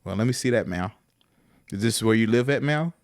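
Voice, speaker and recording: A man voicing a deadpan middle-aged male game warden who asks dry, flat questions. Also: fairly low pitch, fairly quick, no room sound.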